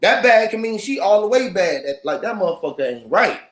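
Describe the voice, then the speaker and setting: Man, high voice, hyped up, loud and animated, casual chat, roomy echo. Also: a little fast, a little hiss or hum. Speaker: panel speaker.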